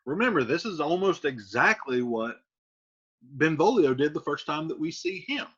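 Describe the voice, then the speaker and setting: Male teacher, casual retelling, husky voice, dull lo-fi recording. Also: fairly high pitch, big pitch swings, normal speed, a bit bright. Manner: conversational, paraphrasing in plain words.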